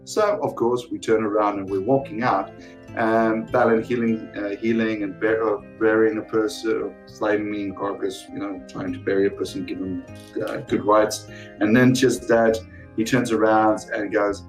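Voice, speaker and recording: A man, a player, casually recapping the last session of a tabletop game with animated quotes. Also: normal speed, soft background music, poor audio. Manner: animated, jumps into high voices for quotes.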